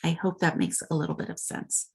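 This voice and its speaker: A woman with a notably low voice gives an informal recorded lecture. She talks conversationally, with plenty of fillers and restarts as she explains. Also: very animated, fairly quick, gravelly, darkish tone, slightly rough. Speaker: instructor.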